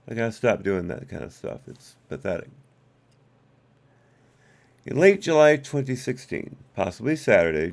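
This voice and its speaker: A man's voice: fairly low pitch, creaky. A man hosting a live stream, reading documents aloud and breaking off for wry asides and corrections to his chat.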